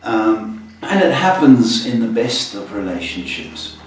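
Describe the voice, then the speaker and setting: A man hosting a live-stream psychic reading, talking gently and often checking in with "okay?". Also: on the low side, big pitch swings. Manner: slow, soothing, ends phrases with "okay?". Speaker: psychic host. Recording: echoey room, mic far off, faint noise.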